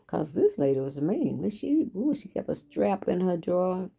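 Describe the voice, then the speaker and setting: An older woman, a host and author, tells stories from her life on her own show in a folksy, chatty monologue, often repeating herself. Her voice is low, creaky and dark, animated in tone, with a measured pace.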